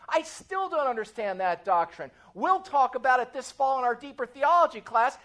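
A woman pastor preaching a sermon, animated and asking her congregation questions. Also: high-pitched.

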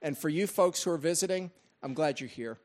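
High-voiced man pastor, friendly. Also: fairly quick, a little mellow. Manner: friendly, conversational. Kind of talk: sermon introduction. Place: church hall.

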